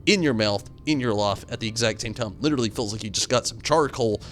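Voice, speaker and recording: A young man streaming a game, rambling through animated stories and chatting with viewers at a desk mic. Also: mid-range voice, fast, a little hiss or hum. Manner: rambling, animated storytelling with swings into loud outbursts; reads out and answers viewer chat. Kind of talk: casual live-stream commentary.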